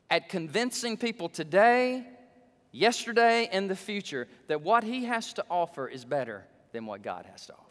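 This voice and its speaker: A male pastor preaching a sermon, his voice surging up for emphasis and dropping low. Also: a bit bright. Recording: long hall reverb.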